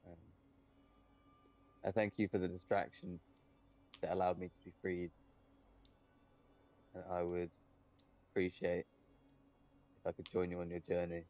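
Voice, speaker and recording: A man voicing a calm, childlike creature. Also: sits low, measured pace, pauses often, lo-fi sound. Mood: polite. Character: calm, childlike male creature, polite captive.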